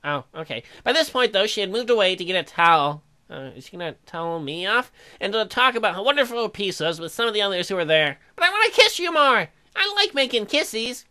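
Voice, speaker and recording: A woman reading dating-sim narration aloud in a deadpan way, broken up by crude joking asides. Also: medium pitch, clean tone.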